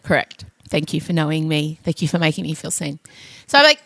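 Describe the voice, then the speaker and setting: Woman, 30s, podcast co-host; lively, wry storyteller, dry close sound. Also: sits low, a little fast, gravelly, no echo. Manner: animated, dramatic storytelling with wry humor. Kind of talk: casual storytelling chat.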